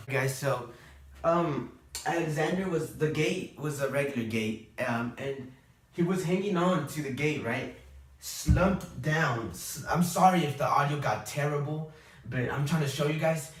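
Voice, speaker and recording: A young man tells a personal story in a casual, rambling way, full of fillers and restarts, and he gets emotional. His voice is bright and sharp. The room around him gives it a noticeable echo. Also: mid-range voice. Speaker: vlogger. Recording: echoey room.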